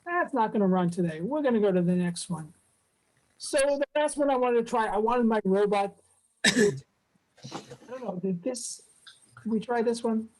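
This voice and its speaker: A man's voice: sits high, normal speed, long pauses, low-quality recording. Hesitant man giving a demo talk. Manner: hesitant, searching for words, self-correcting. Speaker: presenter at a robotics club meetup. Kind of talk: casual live demo talk.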